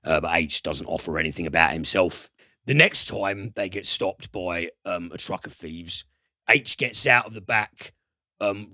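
A very deep-voiced man with a forceful, bright edge talks through a film plot. He rambles with plenty of fillers and drops swear words as he retells the scenes. The sound is close and dry. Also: dry recording. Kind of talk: casual film review chat.

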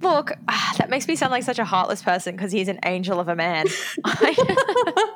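A woman's voice: mid-range voice, sing-song, moderate pace, a bit bright. A woman co-hosting a podcast in casual chat, candid and self-deprecating, laughing often. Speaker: podcast co-host.

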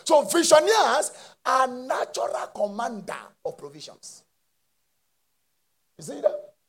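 A man preaching a sermon with impassioned call-and-response and shouted peaks. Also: very high-pitched, very animated, measured pace, slightly rough.

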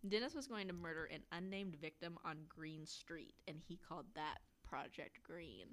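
A woman with a slightly low voice talks through a true-crime case in a loose, chatty way. She swears freely and slips into quick acted-out bits of dialogue as she goes. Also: lively intonation, a bit bright. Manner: profane, storytelling with acted-out quotes. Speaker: podcast co-host. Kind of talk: casual true-crime chat.

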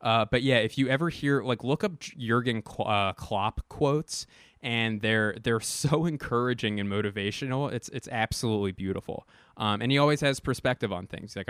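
A man's voice: mid-range voice, normal speed, fairly bright tone, clean tone, no room sound, clean studio sound. A young man hosting a podcast, rambling casually and profanely with a self-mocking edge. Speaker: podcast host. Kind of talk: casual comedic monologue.

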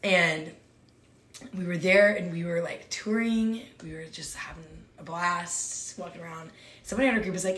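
A woman's voice: fairly low pitch, moderate pace, fairly bright tone. A woman casually telling a story, chatty and full of "like", acting out what people said. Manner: chatty, fills talk with "like", acts out quotes. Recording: roomy echo.

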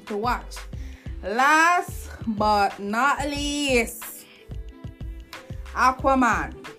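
Soft music plays behind a podcast host who reviews shows, chatting casually and voicing strong opinions with frequent sentence restarts. Her voice is on the high side, animated, pushed and bright, and she speaks very slowly.

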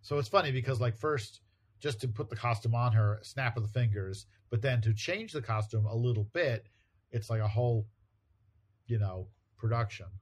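A man's voice: mid-range voice, normal speed. A man co-hosting a chat show, casually retelling a comic book story and briefly voicing characters in quotes. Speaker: podcast co-host.

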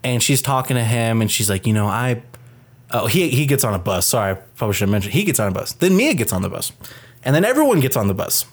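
A man's voice: medium pitch, quick pace, slightly rough. A man co-hosting a film review podcast, talking in casual chat that rambles with lots of swearing, restarts and "like", and slips into acting out characters' lines. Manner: rambling and profane, full of restarts and "like"; animated, acts out characters' lines mid-sentence.

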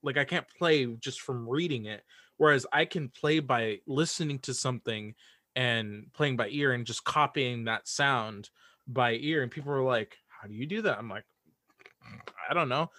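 A man's voice: medium pitch, normal speed, sharp tone, no echo, clean studio sound. A man guest on a podcast talking in casual chat, hesitant with lots of restarts. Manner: hesitant, many restarts and fillers. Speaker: guest, audio drama writer.

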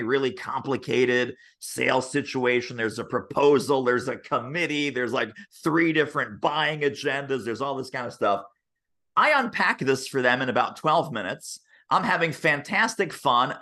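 A man talking as a sales expert on a podcast interview over a video call, telling stories and acting out the voices of the people in them. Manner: lively, acts out quoted voices with big pitch jumps. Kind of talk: animated interview storytelling.

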